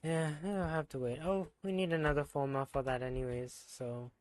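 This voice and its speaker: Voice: medium pitch, fairly even intonation, normal speed, no room sound. Chatty streamer thinking aloud. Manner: chatty, thinking aloud with fillers about game builds. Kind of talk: casual gaming stream chat.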